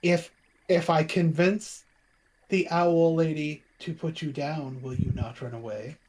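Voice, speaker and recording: A man playing a tabletop game, talking in an unhurried, easygoing way. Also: fairly high pitch, steady tone, a little mellow, low-quality recording. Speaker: player. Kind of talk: casual chat during a tabletop game.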